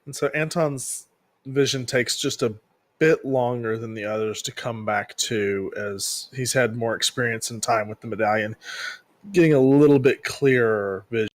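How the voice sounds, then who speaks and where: A man playing in a tabletop role-playing game, talking casually and thinking aloud in a relaxed way. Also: mid-range voice, normal speed, dry recording.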